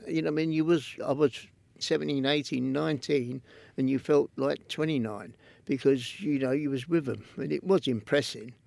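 A man's voice: medium pitch, normal speed, vocal fry, a little mellow, no echo. An older man with a London Cockney accent, telling rambling anecdotes as an interview guest. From London, England. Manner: rambling anecdotes, imitates voices in quotes. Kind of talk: storytelling interview.

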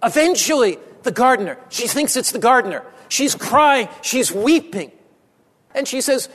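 A male pastor with a notably high voice delivers an impassioned sermon, repeating phrases for weight and sinking low and quiet to press a point. His voice rings with a long reverb, as if in a large hall. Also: animated, moderate pace. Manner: impassioned preaching with repetition, dropping low and soft for emphasis.

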